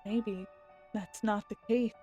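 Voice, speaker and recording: A woman streamer reading a visual novel's narration aloud and exclaiming excitedly as she plays. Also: mid-range voice, highs cut off, soft background music. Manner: expressive, quick to exclaim.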